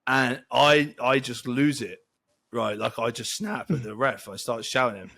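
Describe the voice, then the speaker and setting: A man co-hosting a football podcast, telling a long story in a rambling, animated way. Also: mid-range voice, a little slow, vocal fry. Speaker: podcast co-host. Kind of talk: casual storytelling chat.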